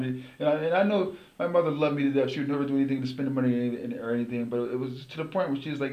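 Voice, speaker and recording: Fast-talking middle-aged man in a roomy space. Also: on the high side, highs cut off. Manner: rambling, repeats words as he restarts. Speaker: former pro football player, guest. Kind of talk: casual interview storytelling. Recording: roomy echo.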